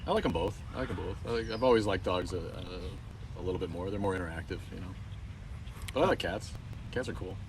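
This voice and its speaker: A man's voice: deep voice, fairly quick, distant mic, a little hiss or hum. A man hosting a live podcast stream outdoors, chatting and joking with a co-host. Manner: bantering, slips into put-on accents. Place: outdoors by train tracks.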